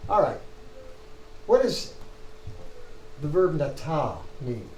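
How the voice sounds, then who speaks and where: A man with a somewhat high voice lectures a Hebrew reading class, stopping to restart his sentences as he works through the text. The room is echoey. A faint hum of ambience sits underneath. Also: sing-song, darkish tone. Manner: thinking aloud, halting restarts, parsing text on a board.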